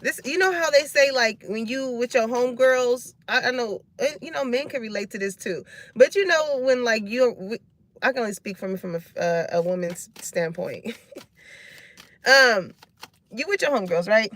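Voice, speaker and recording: A woman's voice: a little high, moderate pace, a bit bright. A woman doing a live card reading and chatting with her viewers. She talks loose, slangy and frank, cusses freely, and laughs often. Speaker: tarot reader.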